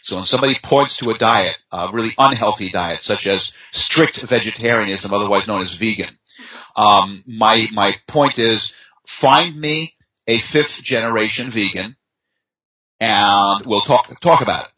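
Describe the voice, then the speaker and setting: Man, guest, bright tone, chatty storyteller, muffled lo-fi audio. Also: fairly low pitch. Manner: unhurried, chatty storytelling with fillers. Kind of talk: casual conversation. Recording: dull lo-fi sound.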